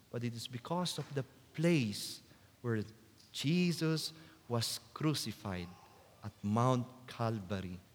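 A man preaching a sermon as a priest, slow and deliberate, rising to loud emphatic quotes. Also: mid-range voice. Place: church. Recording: long church reverb.

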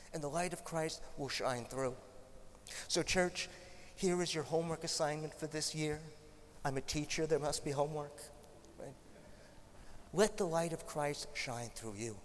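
A man's voice: fairly high pitch, normal speed, big-room sound, a little hiss or hum. A male preacher giving a sermon, telling stories in a conversational way with light humorous asides.

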